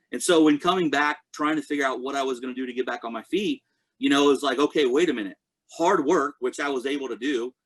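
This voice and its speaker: An earnest man in his thirties gives a motivational talk. His voice sits slightly high for a man, and he speaks in a direct, personal way, often turning to his listeners to check they are with him. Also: a bit bright, husky. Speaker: network marketing speaker introducing a guest.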